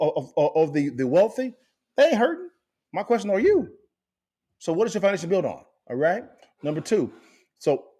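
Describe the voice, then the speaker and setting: A man's voice: fairly high pitch, a little mellow. A man hosting a finance podcast, talking emphatically and preaching to his audience, firing repeated questions at them. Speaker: podcast host. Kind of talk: direct-to-camera finance commentary.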